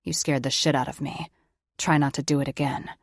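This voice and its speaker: A woman reading the part of a gruff, protective young male warrior who speaks in a low growl. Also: fairly even intonation, fairly quick, no room sound, clean studio sound.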